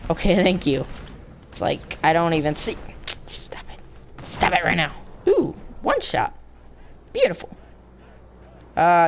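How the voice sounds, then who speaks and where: A man's voice: fairly high pitch, a little hiss or hum. Goofy joking gamer guy. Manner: goofy, joking, sound effects. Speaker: gamer commentator. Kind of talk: casual gameplay commentary.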